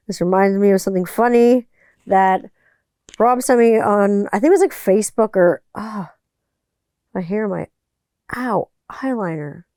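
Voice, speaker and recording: A woman's voice: mid-range voice, measured pace, pauses often, mellow, no echo, studio quality. A middle-aged woman hosting a podcast in loose, rambling chat, swearing freely and cutting herself off mid-thought. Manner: exuberant, profane, rambling, self-interrupting. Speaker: podcast host. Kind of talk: casual solo podcast chat.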